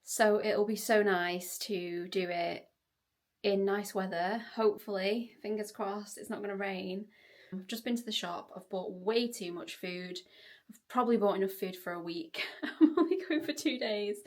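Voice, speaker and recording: A woman's voice: medium pitch, normal speed, dry recording, clean studio sound. Chatty woman vlogging from her car. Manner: chatty, laughs often, thinks aloud. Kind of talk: casual vlog to camera. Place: inside a car. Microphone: handheld camera.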